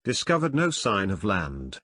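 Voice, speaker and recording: A man's voice: fairly low pitch, huge pitch swings, measured pace, pushed and bright, no room sound, pitched below the performer's own voice, heavily acted. A man reading the lines of a composed, formal aristocratic count in an audiobook. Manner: formal, courteous, reserved.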